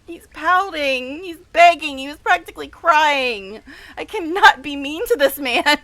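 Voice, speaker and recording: A woman's voice: sits high, expressive, unhurried, bright, forceful tone, no room sound. A woman streamer giving casual gameplay commentary, gushing and dramatic, laughing often. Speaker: game streamer.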